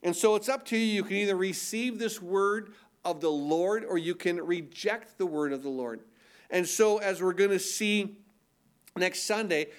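An older man preaching a sermon from the pulpit, his voice sitting a little higher than most men's. He talks in a loose, conversational way, restarting phrases and doubling words as he goes. Now and then he slips into mock voices to make a point. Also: clear, resonant tone. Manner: mock-incredulous put-on voices for emphasis. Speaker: pastor.

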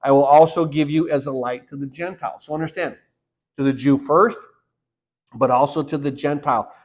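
A man's voice: a little high, moderate pace. Man preaching, reading scripture aloud. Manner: reads scripture aloud then explains it, with fillers and repeats. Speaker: pastor. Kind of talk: sermon.

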